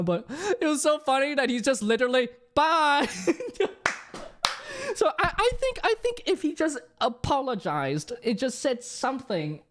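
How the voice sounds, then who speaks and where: An animated young man, chatting casually to his live-stream audience. His pitch swoops and jumps widely as he talks. He rambles, restarts sentences and leans on fillers. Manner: rambling, many restarts and fillers, bursts of laughter.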